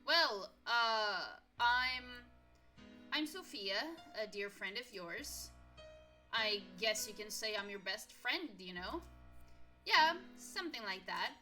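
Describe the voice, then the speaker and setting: A woman voicing a friendly young woman in her twenties, a worried best friend who talks warmly and apologizes often. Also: medium pitch, lively intonation, slow, soft background music. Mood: reassuring. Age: 20s. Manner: warm, chatty, apologetic.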